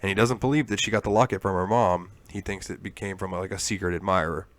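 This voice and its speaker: Brief: male podcast co-host, somewhat low voice, loose rambling storyteller who cusses. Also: steady tone, fast talker, fairly bright tone, dry recording. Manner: rambling storyteller, swears freely. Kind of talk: casual chat.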